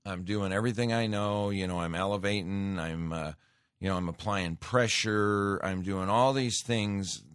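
A man with a deep, low voice talks through a loose, rambling studio monologue as a show host. He doubles back and restarts often. The sound is close and dry, with no room around it. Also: normal speed, smooth, no room sound. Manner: rambling, conversational, with frequent restarts and filler. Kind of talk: casual radio monologue. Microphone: studio microphone.

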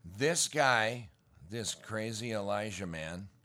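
Middle-aged male preacher, deep unhurried delivery, folksy sermon with emphatic peaks. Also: expressive, bright, forceful tone. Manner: folksy, slangy storytelling with rising emphatic bursts. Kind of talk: casual sermon.

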